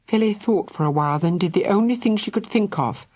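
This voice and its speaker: A woman narrating a children's audiobook in a dramatic, expressive way. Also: medium pitch, brisk, few pauses. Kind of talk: scripted narration.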